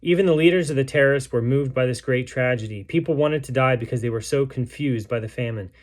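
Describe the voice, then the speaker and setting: A man reading a book aloud as narrator, in a measured way with small restarts. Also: mid-range voice. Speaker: storybook reader.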